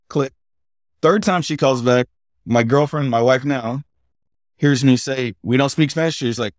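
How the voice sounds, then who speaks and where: A middle-aged man from the United States, a podcast guest telling lively stories and laughing as he goes. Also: on the high side, measured pace, pauses often, no room sound, studio quality. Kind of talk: casual storytelling chat.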